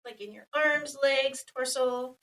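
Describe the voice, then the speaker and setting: A woman podcast co-host with a high voice, sitting a little away from the mic. She explains steadily and runs through lists of examples. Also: slow, a bit bright, far from the mic, poor audio. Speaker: podcast co-host, occupational therapist. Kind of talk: casual podcast chat, explaining.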